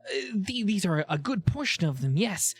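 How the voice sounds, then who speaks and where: A man's voice: sits high, big pitch swings, normal speed, breathy edge, voice pushed up, exaggerated voice. A man voicing a nervous male candy vendor who stammers and speaks with anxious politeness.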